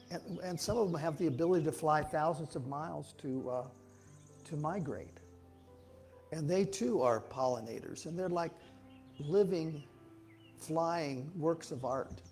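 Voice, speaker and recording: A man's voice: on the high side, gravelly, darkish tone. A man giving an informal, folksy sermon at a church, talking in a rambling way with frequent restarts. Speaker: speaker giving a talk at a church.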